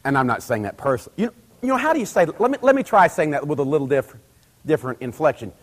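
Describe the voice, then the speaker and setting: Middle-aged male preacher, fairly high voice, chatty delivery that swells to forceful emphasis, voices the people in his stories. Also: very animated, fast talker. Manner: conversational, building to loud emphatic peaks, acts out quoted dialogue. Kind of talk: sermon.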